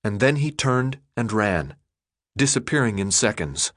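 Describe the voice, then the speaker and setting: Steady male audiobook narrator, dry sound. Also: on the low side, no echo. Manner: steady, measured storytelling.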